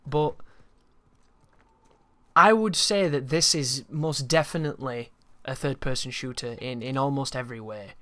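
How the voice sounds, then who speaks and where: A man's voice: mid-range voice, a little slow, sharp tone. Rambling man commentating gameplay. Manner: rambling, opinionated, swears freely.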